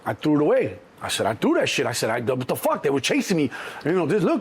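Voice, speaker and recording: A middle-aged man, telling stories as an interview guest in a lively, profane way and acting out other people's voices. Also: fast talker, husky. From Chicago. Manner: animated, acts out other people's voices in a higher pitch, profane. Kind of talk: storytelling in an interview.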